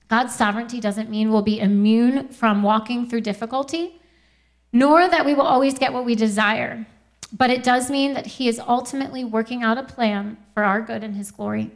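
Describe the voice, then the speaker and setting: A young woman giving a Christian testimony talk, earnest and quick to laugh, often quoting scripture. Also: a little high, steady tone.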